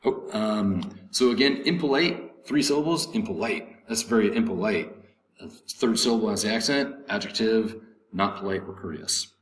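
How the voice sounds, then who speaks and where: A male English teacher reading a vocabulary list, repeating each word slowly and giving its syllables, stress and meaning. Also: on the low side. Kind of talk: vocabulary lesson recording. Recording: echoey room, faint background noise.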